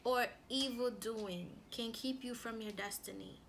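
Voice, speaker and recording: A woman who is a mother, chatting casually through a storytime, animated and full of "like" and her own quoted thoughts. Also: a little high, measured pace, vocal fry, slight background noise. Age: adult with a son. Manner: animated, lots of "like" and quoted self-talk. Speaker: relationship coach and vlogger.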